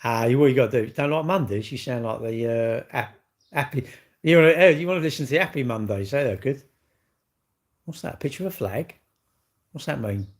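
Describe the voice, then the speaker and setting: A man's voice: mid-range voice, animated, a little fast. A man in his sixties, chatting casually on a live stream with viewers, cheeky and bantering with the odd swear word. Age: 60s. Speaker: livestream host.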